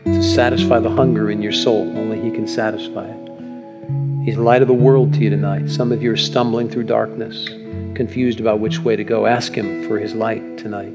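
A man preaching a sermon as pastor in a church, earnest and emphatic, slowing down to read scripture. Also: on the low side, level tone. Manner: earnest, builds to emphatic peaks, slows on scripture. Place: church sanctuary. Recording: reverberant hall with soft guitar.

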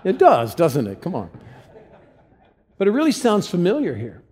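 Dark-toned preacher acting out scripture. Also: male voice, wildly swooping pitch. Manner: acts out biblical characters' lines with rising pitch and slowed emphasis. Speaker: pastor. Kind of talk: sermon.

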